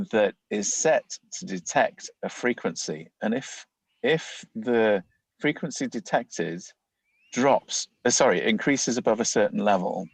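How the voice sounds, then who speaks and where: A man's voice: fairly low pitch, slightly rough, no room sound, rough recording. A man, a leadership coach, explaining ideas in a conversational interview, often acting out inner thoughts as quoted voices.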